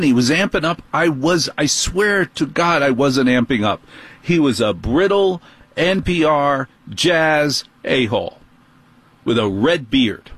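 A middle-aged man with a New York accent hosting a talk radio show, telling an animated, indignant story. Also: medium pitch, unhurried, breathy edge, no echo.

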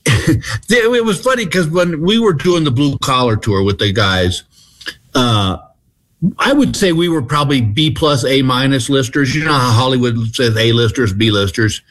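A middle-aged man from Texas, telling stories as a comedy guest in a relaxed, self-deprecating way. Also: medium pitch, unhurried. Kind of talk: casual storytelling.

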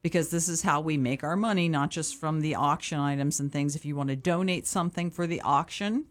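A woman's voice: low voice, a little fast. A woman from an animal shelter's board, a guest on a radio chat, talking cheerfully and laughing easily. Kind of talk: casual radio interview.

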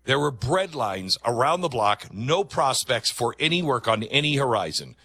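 A man hosting a commentary monologue, speaking emphatically and conversationally with dramatic pauses. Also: mid-range voice, big pitch swings, sharp tone, husky, dry recording. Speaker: talk show host.

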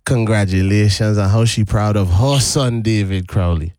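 A man's voice: lowish voice, moderate pace, a little mellow, no echo, clean studio sound. A man hosting a live radio show, chatting and laughing as he coaxes a caller along. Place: radio studio. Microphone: studio microphone.

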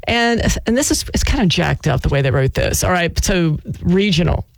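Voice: medium pitch, lively intonation, normal speed, creaky, no room sound. A country radio DJ in casual on-air chat, giggly and self-mocking, on a studio mic in a radio studio.

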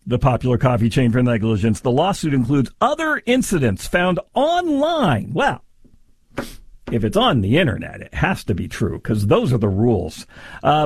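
A man's voice: on the high side, husky, no echo, clean studio sound. Sarcastic man mocking the news. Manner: sarcastic, mocking, exaggerated delivery. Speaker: commentary host.

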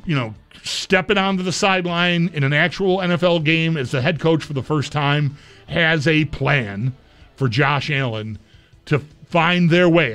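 Sports radio host talking through picks. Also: male voice, high-pitched, a bit bright, clear, resonant tone. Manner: conversational, mulling picks aloud.

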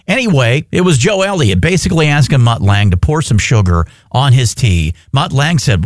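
A male radio DJ on a classic rock station, talking in a loose, chatty way and telling stories with lots of "uh"s. His pitch swings widely as he talks. The sound is dry and close, with almost no room. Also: big pitch swings, moderate pace, few pauses, no room sound. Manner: chatty, storytelling with fillers. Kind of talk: casual on-air chat.

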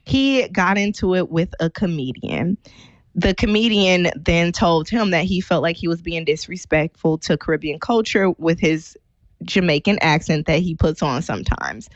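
A woman co-hosting a casual podcast chat, recapping a story in a teasing, animated way. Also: on the low side, moderate pace, no room sound, lo-fi sound. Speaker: co-host.

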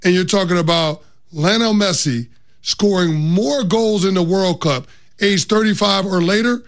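A man co-hosting sports talk radio, talking excitedly and repeating words for emphasis. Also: high-pitched, a little slow.

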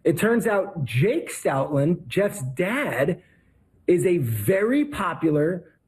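Husky upbeat male podcast host. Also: sits high, big pitch swings, slow, a little mellow. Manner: chatty, storytelling, upbeat plugs. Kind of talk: casual podcast chat and sign-off.

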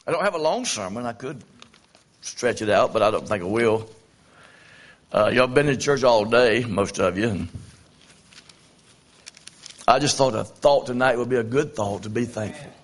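A man's voice: mid-range voice, animated. A man preaches a sermon as a traveling evangelist. He tells homespun stories in a folksy, plain-spoken way. He stumbles over fillers and repeats phrases as he goes. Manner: folksy, storytelling, repeats himself with halting fillers.

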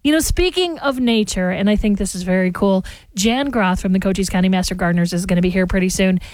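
A woman's voice: mid-range voice, fast talker, darkish tone, no echo. A woman hosting a morning radio show, chatting casually and rambling straight to her listeners. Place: radio studio. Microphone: studio microphone.

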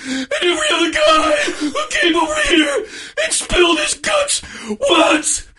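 A man putting on an anguished soldier who yells through sobs, in a strained, wailing voice. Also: very high voice, big pitch swings, measured pace, noisy background, voice pushed up, full character voice. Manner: crying shout, strained and wailing.

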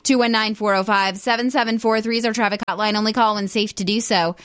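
A woman reading a radio traffic report with brisk, steady delivery, then joining the host in easy banter. Her voice sounds dry and close, with little room echo. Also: mid-range voice.

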